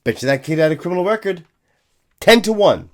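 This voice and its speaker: A man's voice: high voice, lively intonation, a little fast. A man, a police officer giving a profane, scornful ranting commentary.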